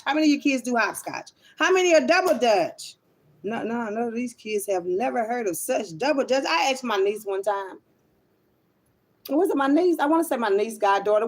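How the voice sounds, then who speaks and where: A woman rambles to her online viewers in a loose, unscripted monologue. She is blunt and swears freely, calling her listeners child and honey as she talks. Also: on the high side. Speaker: online spiritual reader. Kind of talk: casual livestream monologue.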